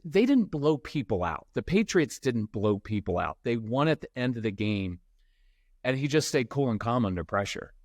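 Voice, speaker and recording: In a conversational podcast interview, a middle-aged parenting expert shares stories in a medium-pitched voice, animatedly acting out the people he quotes. The recording is studio quality with no room sound.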